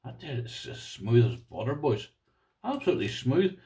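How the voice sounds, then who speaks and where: A man's voice: medium pitch, animated, normal speed, background noise. A man with an Irish accent, chatting casually as he unboxes and tries out padlocks, rambling with restarts. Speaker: lock-picking vlogger.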